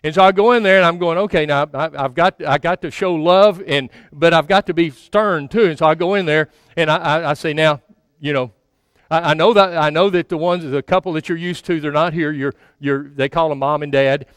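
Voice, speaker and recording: A man in his sixties preaches in a folksy, self-mocking manner, often stammering and restarting his sentences. His voice sits high and sounds smooth and resonant. The sound is dry and close. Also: fairly quick, fairly bright tone, dry recording. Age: 60s. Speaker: pastor. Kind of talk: storytelling sermon.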